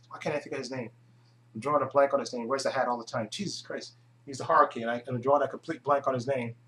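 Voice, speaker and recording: A man hosts his own video channel, talking casually to the camera in a rambling way full of hesitations and restarts. His voice is mid-range with a fairly bright tone, and the recording quality is low.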